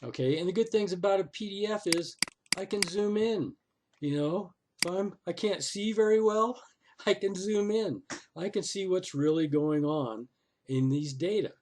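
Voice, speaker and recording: With a high voice, a darkish tone, and a little hiss or hum on the recording, a man narrates a screen-recorded walkthrough at a moderate pace. He thinks aloud, dropping plenty of "oh"s and "okay"s, exasperated and sarcastic toward the city council.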